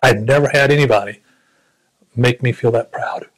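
A man in his seventies from the United States, a veteran recalling his service in a reflective, halting way. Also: mid-range voice, poor audio. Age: 70s. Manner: reflective, halting storytelling with frequent restarts. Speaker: Vietnam War veteran interviewee. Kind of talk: recounting personal memories.

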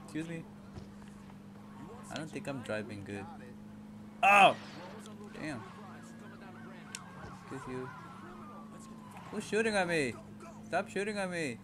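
Slow-talking, profane man gaming. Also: mid-range voice, sing-song, fairly bright tone, a little hiss or hum. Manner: profane, frustrated, laughing outbursts. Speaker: gamer. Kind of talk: casual gameplay commentary.

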